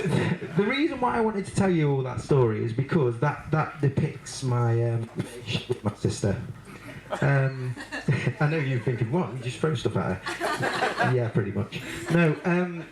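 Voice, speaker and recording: A man giving a wedding speech as the bride's brother, telling a story with frequent laughter, fillers and restarts. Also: mid-range voice. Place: wedding reception. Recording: echoey room, loud background noise.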